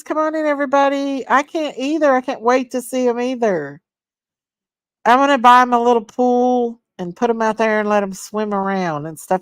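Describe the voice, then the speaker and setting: A woman hosting a casual livestream. She reads viewer comments aloud, greets people by name and gushes with excitement. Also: a little high, no room sound, clean studio sound. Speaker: livestream host. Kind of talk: casual live chat reading viewer comments.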